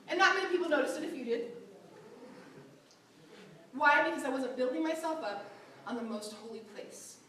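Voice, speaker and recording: A woman teaching a church Bible class, animated and often acting out quotes with a laugh. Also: high-pitched, normal speed, pauses often, a little hiss or hum. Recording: very echoey room, mic far off.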